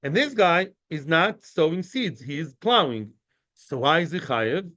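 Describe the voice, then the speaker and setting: A man giving a daily Talmud lecture, lively and explanatory, acting out the sages' debate and glossing Aramaic and Hebrew terms as he goes. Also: a little high, unhurried. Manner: animated, acts out the sages' debate. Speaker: Talmud teacher.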